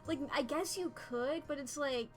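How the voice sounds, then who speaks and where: Woman streamer, casual self-deprecating commentary, somewhat high voice. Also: measured pace, faint music behind. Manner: rambling, self-deprecating, giggly asides. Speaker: streamer playing a story game. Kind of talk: casual game commentary, reading dialogue aloud.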